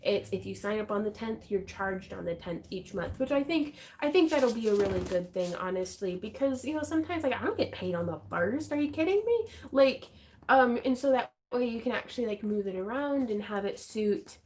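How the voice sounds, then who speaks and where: A woman's voice: medium pitch, animated, a little fast, darkish tone. Bubbly, chatty woman hosting a craft stream. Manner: chatty, bubbly, laughs often, many fillers. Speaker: craft channel host. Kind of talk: casual livestream chat.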